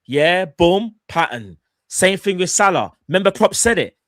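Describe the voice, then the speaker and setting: A young man, co-hosting a casual football fan show and arguing his points in slangy, animated talk. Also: high-pitched, measured pace, no room sound, studio quality. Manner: animated, slangy, acts out quotes. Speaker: fan podcast co-host.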